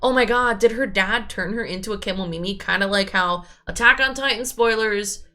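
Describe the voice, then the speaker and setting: A young woman streaming a game, chatting playfully and asking quick surprised questions as she reads along. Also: medium pitch, sharp tone. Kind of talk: casual game commentary and reading dialogue aloud.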